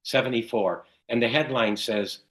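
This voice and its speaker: An older man from Chicago, a guest telling stories in an interview with lots of animated retelling. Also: medium pitch, moderate pace, rough recording. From Chicago, USA. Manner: animated storyteller who acts out quoted dialogue. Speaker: guest, cycling race announcer. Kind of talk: casual storytelling in an interview.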